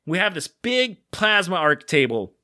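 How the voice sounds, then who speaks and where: A man in his thirties co-hosts a podcast, spinning a long anecdote in loose, rambling talk packed with fillers. His voice is bright and forward, recorded dry and close with no room sound. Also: sits high, sing-song, unhurried, no echo. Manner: rambling, many "like" fillers, acts out quoted voices. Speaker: podcast co-host. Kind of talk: casual storytelling.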